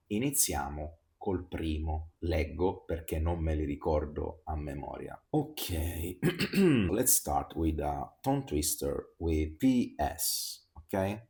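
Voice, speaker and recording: A man's voice: low-pitched, darkish tone. A man with an Italian accent teaching pronunciation and drilling words for the listener to repeat. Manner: slow, drills words for repetition. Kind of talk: pronunciation lesson.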